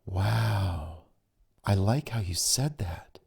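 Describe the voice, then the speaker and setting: A man's voice: sits low, expressive, drawn-out words, vocal fry, darkish tone, slightly rough, heavily acted. A man voicing a chatty, eager young woman on a phone date in an audiobook. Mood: curious. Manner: bubbly, chatty. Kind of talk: audiobook reading.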